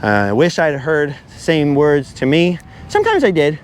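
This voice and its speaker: Rambling man with a lively voice. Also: a little high, normal speed, slight background noise. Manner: verbose, wanders off topic. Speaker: vlogger. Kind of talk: rambling walk-and-talk monologue. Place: outdoors on a beach.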